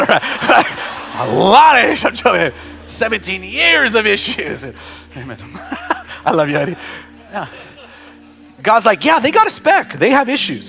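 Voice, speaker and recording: A man preaching with a high, bright voice that stays chatty and joking with the congregation, then climbs into loud, shouted prayer. Faint music plays behind him. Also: vocal fry. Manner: conversational, building to shouted prayer; humorous asides to the congregation. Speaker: pastor. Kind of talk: sermon.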